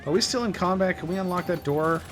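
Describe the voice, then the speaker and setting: A man's voice: high-pitched, fast talker, fairly bright tone, faint music behind. A man playing a game while chatting casually, easygoing. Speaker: podcast co-host playing the game. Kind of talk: casual chat over gameplay.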